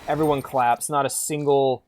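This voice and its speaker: A man's voice: medium pitch, fairly even intonation, normal speed, darkish tone. A man streaming a game, chatting casually in a rambling, irreverent way and swearing freely. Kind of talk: casual gameplay chat.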